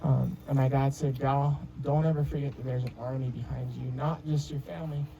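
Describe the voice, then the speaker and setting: A man's voice: mid-range voice, fairly even intonation, fairly quick, creaky, lo-fi sound, background noise. A young man in his twenties giving a heartfelt wedding speech as the groom, telling stories with many restarts and fillers. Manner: rambling storytelling with many restarts. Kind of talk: emotional personal speech.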